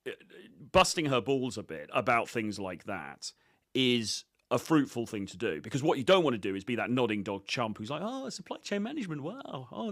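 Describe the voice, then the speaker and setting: A man's voice: mid-range voice, a bit bright, no room sound, studio quality. A man and dating coach giving casual, cocky commentary on his own street footage, swearing freely.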